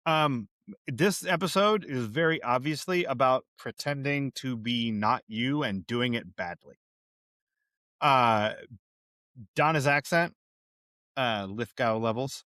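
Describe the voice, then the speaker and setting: A man's voice: medium pitch, takes it slowly, a bit bright, no echo, clean studio sound. A man co-hosting a podcast, recapping a TV episode in casual chat, sardonic and profane with heavy sighs. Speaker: podcast co-host.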